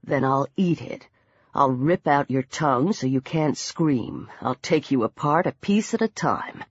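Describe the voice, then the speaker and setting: A vicious teenage boy, as a woman puts him on, threatening in a low, cold, quiet voice. The voice drops deep below her usual range. The recording is dry and dull. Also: expressive, a little slow, slightly rough, dry recording, heavily acted. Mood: menacing.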